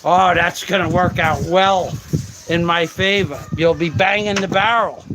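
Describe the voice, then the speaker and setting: A man's voice: high-pitched, fairly even intonation, unhurried. A man hosting a casual livestream while working outdoors, reading chat comments aloud and swearing freely. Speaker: livestream host. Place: outdoors in a yard, working on metal. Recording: loud outdoor background noise.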